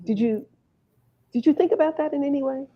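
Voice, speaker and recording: A woman hosting an interview, asking measured, probing questions. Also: high voice. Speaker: interview host. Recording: muffled, lo-fi sound.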